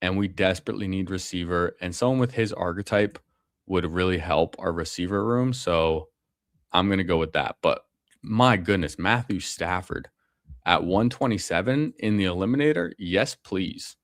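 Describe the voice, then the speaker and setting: Low-voiced laid-back fantasy football streamer. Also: male voice, normal speed, dry recording, clean studio sound. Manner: casual, slangy, calls people bro and man. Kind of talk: casual live commentary.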